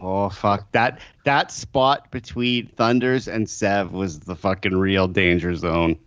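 A man in casual chat, profane and quick to laugh. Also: deep voice, fairly even intonation, a bit bright, no echo, muffled recording.

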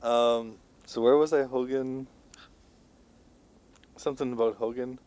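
A man's voice: medium pitch, fairly even intonation, a little slow, a little mellow. A man co-hosting a podcast, telling stories in a laid-back, chuckling way. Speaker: podcast co-host. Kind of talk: casual chat.

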